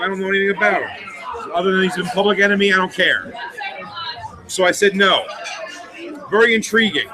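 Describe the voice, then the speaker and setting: A comedian telling a rambling, profane anecdote in a documentary interview. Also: male voice, high voice, poor audio.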